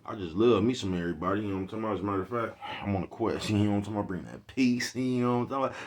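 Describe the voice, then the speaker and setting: Brief: deep-voiced male streamer, slangy and casual, constantly checks in with his viewers. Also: very fast, a little mellow. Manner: streetwise slang, keeps asking "you know what I'm talking about". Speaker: livestream vlogger. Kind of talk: casual livestream rant.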